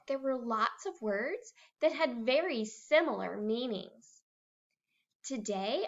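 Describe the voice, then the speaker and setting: A high, sing-song woman teaching children to read, drawing her words out slowly. She acts out words with expressive swings in pitch. The recording is muffled and lo-fi. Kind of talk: recorded reading lesson for young children. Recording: dull lo-fi recording.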